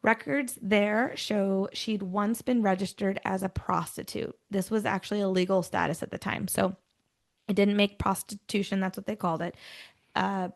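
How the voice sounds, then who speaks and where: A woman with a gravelly edge to her voice hosts a true-crime podcast. She reads dark storytelling passages and then drops into loose, chatty asides with her co-host. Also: mid-range voice, fairly even intonation, normal speed. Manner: switches between scripted storytelling and chatty asides. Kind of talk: casual true-crime chat mixed with read narration.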